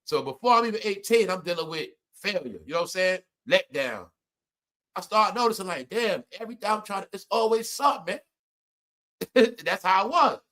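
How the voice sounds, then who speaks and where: A middle-aged man telling personal stories to his viewers in casual chat, animated and laughing often, jumping from loud outbursts to low mutters. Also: a little fast. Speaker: live stream host.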